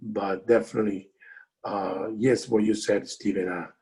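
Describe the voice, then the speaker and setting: A man with a gravelly edge recounts how his business began. His English is non-native and halting, full of pauses and restarts. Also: lowish voice, steady tone, a little mellow, rough recording. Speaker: guest business owner. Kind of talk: casual storytelling.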